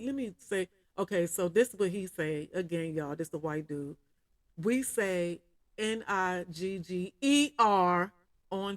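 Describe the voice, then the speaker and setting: Reading out a news article on camera, a woman speaks with a fairly low, darkish voice in a dry recording. She repeatedly interrupts herself to speak to viewers, calling them y'all, in a casual reaction style.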